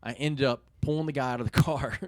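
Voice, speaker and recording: A young man telling a story as a podcast guest, swearing constantly and animated, often laughing at his own anecdote. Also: medium pitch, fast, no room sound. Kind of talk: casual storytelling in a podcast interview.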